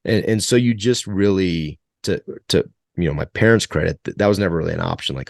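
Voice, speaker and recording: A man in his forties speaks as an interview guest in a very low voice. He tells his stories loosely, with lots of restarts, and grows animated as they go. The recording is dry and close. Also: moderate pace, creaky, few pauses, dry recording. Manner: rambling, many restarts, animated when telling stories. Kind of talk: conversational interview storytelling.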